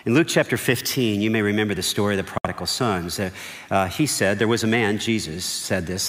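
A male pastor with a fairly low voice preaches in a conversational, chatty way, stumbling over repeated words and turning to the audience with asides. His voice rings out with a long reverb, like in a large church hall. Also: a little fast, a bit bright. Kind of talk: sermon.

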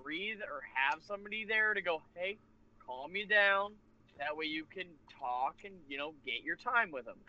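A man casually telling a rambling, animated convention story with laughs and restarts. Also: high-pitched, normal speed. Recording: lo-fi muffled recording.

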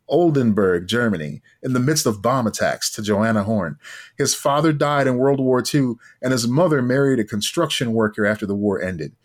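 A man co-hosting a podcast, chatting casually in a wry, loose way, sometimes reading aloud and swearing for emphasis. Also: medium pitch. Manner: wry, profane, drawn-out musing. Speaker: podcast co-host. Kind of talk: casual chat.

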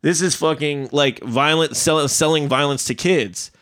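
A man's voice: on the high side, unhurried, a bit bright. A man co-hosting a casual podcast, rambling with many fillers and curse words. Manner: rambling, filler-heavy, profane. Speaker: podcast co-host. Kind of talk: casual chat.

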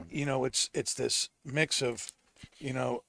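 Easygoing male host, measured delivery. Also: mid-range voice, vocal fry, bright, forceful tone. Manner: measured, filler-heavy descriptions. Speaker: podcast host. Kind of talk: casual tasting chat. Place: lounge, recorded live.

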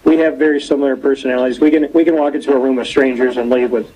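A young man hosting a casual interview show, telling stories with animated quoting. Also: mid-range voice, racing, rough recording. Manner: lively storyteller, animated quoting. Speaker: show host. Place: cold rink-side spot, outdoors or arena.

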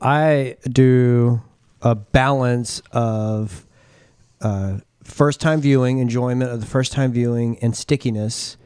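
A man co-hosting a casual podcast, explaining his thinking in measured, pausing phrases. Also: mid-range voice, steady tone, darkish tone, clear, resonant tone, no echo, studio quality. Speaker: podcast co-host.

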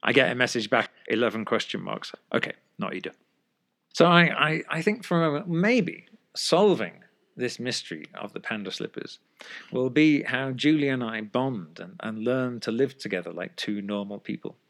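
A man telling a funny personal anecdote in a wry, deadpan way, chuckling and swearing casually. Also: medium pitch, normal speed. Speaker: storyteller.

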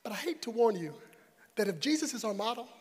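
Pastor, male, very high voice, preaches dynamically, from shouting to soft whispers. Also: sing-song, quick pace, husky, big-room sound. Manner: dynamic, swings from loud to hushed. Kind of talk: sermon. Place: church sanctuary before a congregation.

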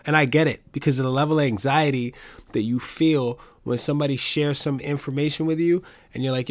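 A man hosting his own podcast, riffing alone in a loud, animated, profane way. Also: fairly high pitch, a little fast, dry recording. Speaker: podcast host. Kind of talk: solo comedic podcast monologue.

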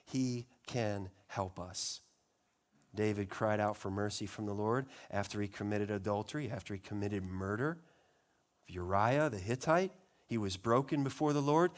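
A man preaching a sermon as pastor, swinging between loud, impassioned pleas and hushed, quiet passages. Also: mid-range voice.

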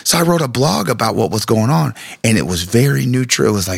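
A man's voice: mid-range voice, expressive, fast talker, creaky, few pauses, slightly rough, dry recording, studio quality. A man in his thirties, a pastor, chatting casually and telling an emotional personal story with stumbling restarts.

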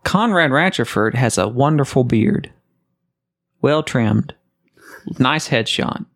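A man's voice: mid-range voice, expressive, takes it slowly, gravelly, fairly bright tone. A man co-hosting a podcast, reading listener messages aloud with dry, teasing banter. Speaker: podcast co-host. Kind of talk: casual banter.

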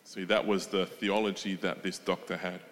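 A man's voice: sits low, flat delivery, normal speed. A man preaching a sermon, retelling a story and asking the congregation emphatic questions. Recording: long hall reverb.

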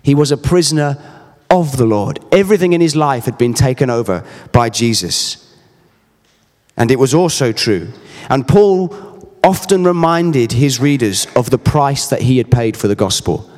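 A man's voice: mid-range voice, lively intonation, moderate pace, a little mellow, big-room sound. A man in his thirties preaching a sermon, earnest and emphatic, mixing scripture with personal stories. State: briefly emotional.

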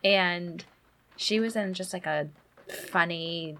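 Creaky bright-voiced woman podcast host. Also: on the low side, takes it slowly, a little hiss or hum. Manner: chatty storytelling, laughing. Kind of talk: casual chat.

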